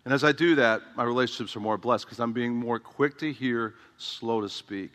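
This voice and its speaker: A man's voice: mid-range voice, fairly quick, hardly any pauses, a bit bright. A man preaching a sermon as a pastor, conversational and humorous, with emphatic repetition. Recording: long hall reverb.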